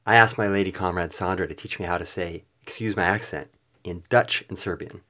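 A man's voice: low voice, brisk, bright, forceful tone. A man hosting a podcast, reading a reflective, self-deprecating outro. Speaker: podcast host.

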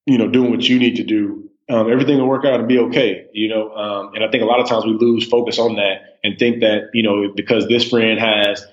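A man in his thirties talking as a guest on a casual podcast, relaxed, with many restarts and "you know"s. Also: on the low side, brisk, hardly any pauses, lo-fi sound. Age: 30s. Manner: laid-back, stammers on restarts, says "man" and "you know" a lot. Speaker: podcast guest, snack company co-owner.

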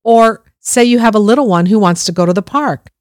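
A woman's voice: mid-range voice, a little fast, no room sound, clean studio sound. A middle-aged woman gives parenting advice in an earnest, reassuring way, speaking straight to the listener. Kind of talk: instructive parenting talk.

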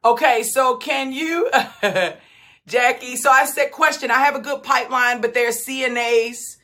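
A woman's voice: sits high, steady tone, a little slow, bright, forceful tone. A middle-aged woman hosting a group coaching call, talking in a fired-up, emphatic way. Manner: fired-up, emphatic, laughs often. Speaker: host.

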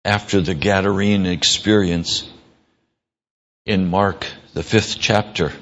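A pastor preaches an earnest radio sermon, slow and emphatic, his pitch rising whenever he presses a point. His voice is a bit bright with fairly even intonation, and the sound is lo-fi.

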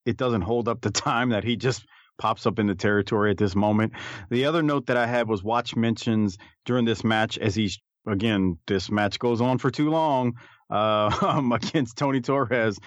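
A man co-hosts a casual podcast where they review things, his mid-range voice free of echo. He talks with hesitant restarts and laughs easily. The lo-fi mic sounds dull and dry.

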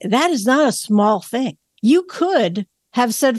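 A woman's voice: fairly high pitch, expressive, slow, a little mellow, dry recording. Female podcast host, supportive, blunt, casual swearing, dry close mic. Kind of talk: casual interview.

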